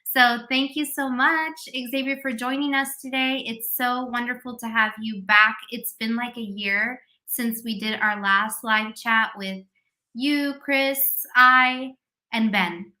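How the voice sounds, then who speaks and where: A woman's voice: on the high side, steady tone, slow pace, pushed and bright. A woman hosting a live-stream interview for teacher entrepreneurs over a video call, upbeat and effusive with her praise. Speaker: host of teacher business coaching live stream.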